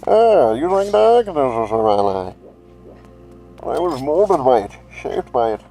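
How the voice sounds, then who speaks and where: A man's voice: mid-range voice, sing-song, a little slow, gravelly, warm tone, faint music behind, voice pushed up, rough recording. A man putting on the voice of a menacing masked male villain, speaking grandly. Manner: theatrical, grandiose.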